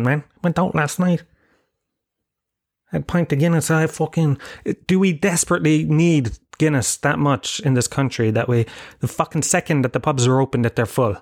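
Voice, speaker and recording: A man's voice: fairly high pitch, fairly quick. An Irish man in his thirties hosting a podcast alone, rambling and swearing in a self-mocking way. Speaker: podcast host. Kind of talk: casual solo monologue. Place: home room with bookshelves.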